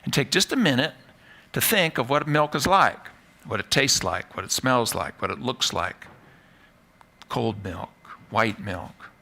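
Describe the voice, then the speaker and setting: A man's voice: mid-range voice, expressive, a little slow, creaky, bright, forceful tone. A man, a psychology professor, giving a live talk to an audience in a playful, self-mocking way. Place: stage before a live audience.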